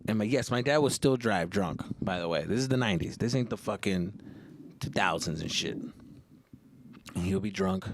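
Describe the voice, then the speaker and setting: A man's voice: fairly low pitch, lively intonation, normal speed, a little hiss or hum. A man in his thirties hosting a podcast and casually telling a story, loose and heavy on profanity. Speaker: podcast host.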